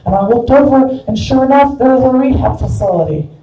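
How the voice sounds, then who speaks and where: A woman's voice: high-pitched, expressive, a little fast, distant mic, lo-fi sound, soft background music. Wry woman comic in an echoey club. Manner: wry, rambling and crude. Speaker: stand-up comedian. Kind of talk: live stand-up storytelling. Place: live comedy club.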